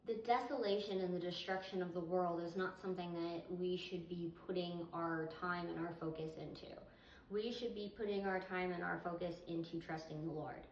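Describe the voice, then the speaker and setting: A woman with a lowish voice reads Bible verses aloud and explains them, teaching in an earnest, conversational way. The recording sounds echoey, distant and slightly muffled, with a little hiss or hum.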